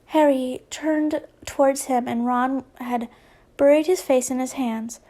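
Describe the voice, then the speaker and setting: A woman's voice: high voice, steady tone, measured pace, dark tone. A young woman casually reading fan fiction aloud, giggling and breaking off into chatty asides. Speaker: fanfiction reader and channel host.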